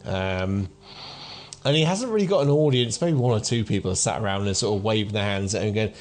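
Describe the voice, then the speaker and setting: A man's voice: fairly low pitch, expressive, fairly quick. A man in his thirties narrating a tabletop game as game master, rambling with many fillers. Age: 30s.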